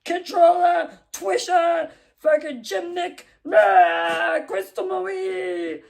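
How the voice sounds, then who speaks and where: Woman doing a ranting angry man, high and shouty, bitter and whiny, mocking caricature. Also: level tone, slow pace, gravelly, full character voice.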